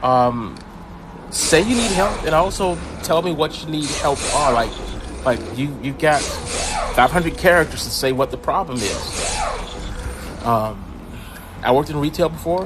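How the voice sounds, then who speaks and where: A man's voice: on the high side, expressive, measured pace, noisy background. An older man casually commenting while he streams a mobile racing game, rambling with lots of ums and restarts. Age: older adult.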